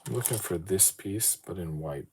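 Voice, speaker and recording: A man's voice: low-pitched, moderate pace. A podcast host talking casually to himself as he assembles a model, rambling and self-deprecating. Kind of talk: casual solo talk while building a model. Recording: steady background noise.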